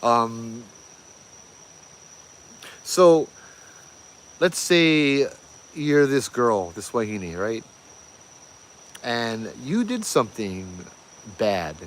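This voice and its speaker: Pidgin-talking hawaii guy telling ghost stories, mid-pitched, crickets faint behind. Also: very slow, long pauses, slight background noise. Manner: animated, laughing, pidgin phrasing. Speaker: ghost story host. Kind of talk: casual storytelling.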